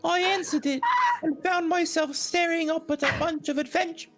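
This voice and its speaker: A man's voice: very high voice, steady tone, moderate pace, a bit bright, faint music behind. A man putting on a breathless little boy butler. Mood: earnest recital. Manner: breathless recited narration, runs out of breath. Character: butler recalling his boyhood, young boy voice. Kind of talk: reading a recap in character.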